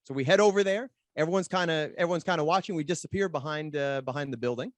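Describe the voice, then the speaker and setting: Fast-talking man in an animated retelling. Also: fairly high pitch, no echo. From Canada. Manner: rapid, repeats words while acting out quoted arguments. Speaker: podcast guest, pro wrestler. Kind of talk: animated storytelling in a conversation.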